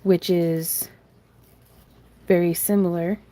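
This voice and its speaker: The woman streaming live from her craft room speaks slowly in a lowish, mellow voice with flat delivery. A craft tutorial host, she rambles, makes fun of herself, laughs frequently and reads the chat aloud.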